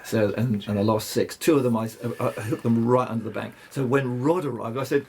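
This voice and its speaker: An older man, telling rambling fishing stories as a guest, halting and restarting often. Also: mid-range voice, fairly even intonation, noisy background. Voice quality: gravelly, husky. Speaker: guest angler. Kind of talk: anecdotal storytelling.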